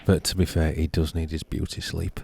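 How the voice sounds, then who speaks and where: A man's voice: a bass voice, little pitch movement, fairly quick, creaky, a little mellow. A man giving a laid-back, rambling tournament update with dry humour. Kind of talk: casual commentary update.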